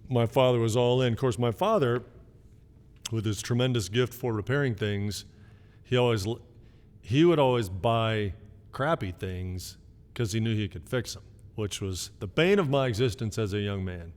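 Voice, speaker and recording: A middle-aged man from Canada, telling stories about his parents in a casual video greeting, with lots of fillers and pauses. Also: fairly low pitch, darkish tone, long reverb tail. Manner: rambling storytelling with many fillers. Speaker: son giving an anniversary message.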